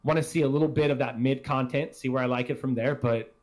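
A man's voice: mid-range voice, fairly even intonation, fast talker, darkish tone. A man hosting a casual gaming podcast, rambling and swearing freely as he talks. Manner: rambling, profane, self-deprecating. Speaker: podcast host.

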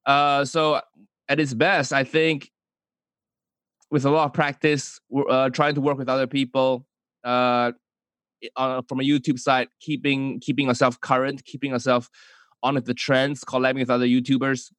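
A man's voice: medium pitch, little pitch movement, normal speed, fairly bright tone, no echo. A man from Malaysia, a comedian answering interview questions casually, often hesitating and restarting his sentences. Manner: hesitant, many restarts and fillers. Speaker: comedian and YouTuber guest.

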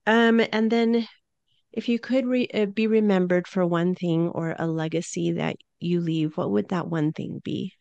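A woman's voice: lowish voice, steady tone, a little slow, gravelly, a little mellow. A woman hosting a podcast interview, reacting effusively and gushing over her guest. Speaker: podcast host. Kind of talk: casual interview chat. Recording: slightly muffled, lo-fi sound.

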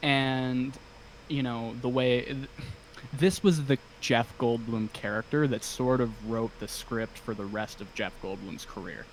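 A man's voice: mid-range voice, a little slow, slight background noise. A man talking as a podcast guest in casual conversation, hesitant and full of ums and restarts, enthusiastic as he talks. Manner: enthusiastic fan talk.

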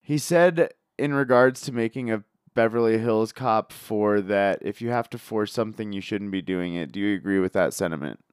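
A man in his thirties hosting a casual interview, asking relaxed, agreeable questions. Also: on the low side, normal speed, few pauses, clean tone, dry recording, studio quality. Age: 30s. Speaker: podcast host.

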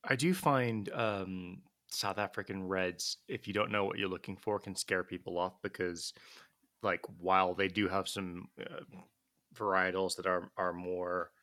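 A man's voice: low voice, steady tone, unhurried, sharp tone, no room sound, clean studio sound. A man from California co-hosting a podcast, telling chatty anecdotes in casual conversation. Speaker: podcast co-host. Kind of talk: casual chat.

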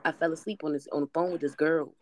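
A man co-hosting a podcast in casual chat, telling relaxed stories in slang. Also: on the high side, fast, a little hiss or hum. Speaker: podcast co-host.

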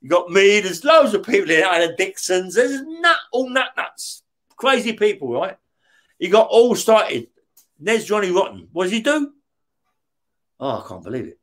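Swearing nonstop and laughing through his tales, this middle-aged former career criminal recounts stories in an interview, often asking "yeah?". He speaks at a moderate pace in a high, sing-song, slightly bright voice.

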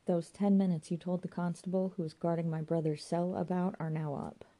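A woman voicing a cautious, puzzled man who speaks in hushed tones. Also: lowish voice, flat delivery, fairly quick, natural voice.

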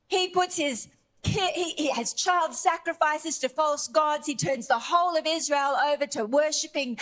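A woman preaching with a high, bright-pitched voice. She retells scripture in an animated, conversational style. She hammers points home through emphatic repetition. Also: a little slow. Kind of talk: sermon.

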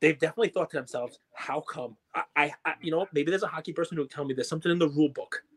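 A man co-hosting a podcast, chatting about sports in an excitable, jokey, rambling way. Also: on the high side, racing, breathy edge. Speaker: podcast co-host. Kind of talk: casual sports chat.

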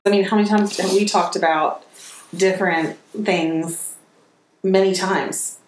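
A woman's voice: on the low side, steady tone, measured pace, soft background music. A woman co-hosting a podcast, talking earnestly and at length in a casual chat. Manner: earnest and talkative, laughs easily. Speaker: podcast co-host. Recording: roomy echo with faint noise.

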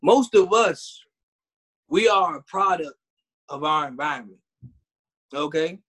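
A man talking in a casual chat, animated and laughing, often acting out other people's lines. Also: a little high, takes it slowly.

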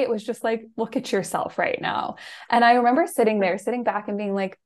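A woman hosting a podcast, an animated storyteller who talks quickly and laughs often. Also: on the high side. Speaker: podcast host. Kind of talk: casual podcast conversation.

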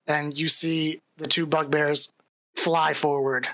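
A low-voiced woman runs a tabletop game as dungeon master, calling the results of each roll in a casual, chatty way. Her voice is close and dry, with no room sound around it. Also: level tone, slow, fairly bright tone, dry recording. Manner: casual, laughing, describes the action plainly. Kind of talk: narrating a tabletop game live.

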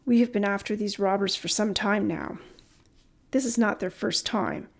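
A woman reading the lines of a measured, reassuring young police officer in a storybook. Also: medium pitch, gravelly. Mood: calm. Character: calm, kind young policewoman.

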